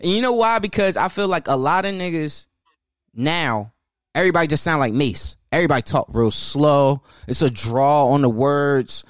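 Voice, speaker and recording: A man's voice: a little high, animated, moderate pace, no echo, clean studio sound. Laughing young man with a Baltimore accent. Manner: laughing, loose and profane. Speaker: podcast co-host. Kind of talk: casual chat.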